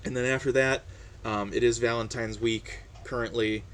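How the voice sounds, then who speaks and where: A man's voice: medium pitch, moderate pace. A man chatting casually on his own, hesitant and full of fillers and restarts. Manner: relaxed, chatty. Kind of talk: casual personal monologue.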